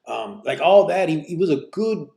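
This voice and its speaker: A man hosting a live podcast, reading listener questions and telling stories in relaxed street slang sprinkled with Spanish words. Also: a little high, moderate pace, creaky. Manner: reads out listener questions and answers them. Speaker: podcast host. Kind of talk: live podcast, casual storytelling.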